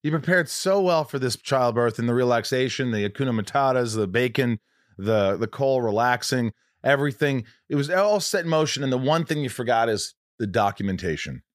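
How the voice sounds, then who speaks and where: A man hosting a casual interview podcast, animated and joking, slipping into mock German and impressions. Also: mid-range voice, brisk, dry recording, clean studio sound. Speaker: podcast host.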